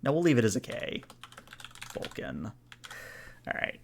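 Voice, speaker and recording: A man running a tabletop game on a video call, talking players through rolls and scenes in a relaxed, chatty manner. His voice sits in an ordinary middle range and comes through a typical call mic. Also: mid-range voice, unhurried, creaky. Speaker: game master.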